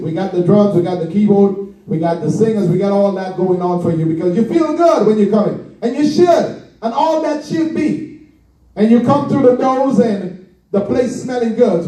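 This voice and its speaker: A man with a very high voice preaches to his congregation in an echoey church hall, drawing out his words for emphasis. His tone is dark and mellow, and he stands some way off from the mic, so the room sound carries him. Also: distant mic. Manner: preaching with drawn-out emphasis and direct address. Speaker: pastor. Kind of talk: sermon.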